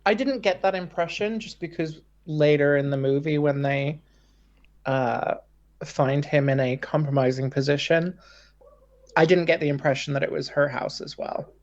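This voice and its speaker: A man's voice: a little high, fairly even intonation, moderate pace. A man co-hosting a podcast, adding brief comments in a casual film chat. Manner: brief comments and agreeing murmurs. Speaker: podcast co-host. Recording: dull lo-fi sound.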